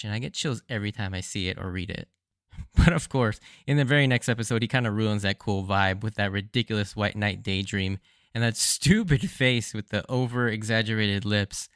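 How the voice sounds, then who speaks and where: A man hosting a solo podcast, recapping episodes in an enthusiastic, animated fan style. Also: medium pitch, dry recording, studio quality. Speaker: podcast host. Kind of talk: casual solo anime rewatch commentary.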